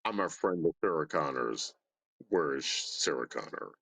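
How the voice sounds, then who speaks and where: A man putting on a deep, flat voice as a male killer cyborg from a movie. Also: moderate pace, gravelly, breathy edge, no echo, heavily acted. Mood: robotic. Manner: flat, low, mechanical.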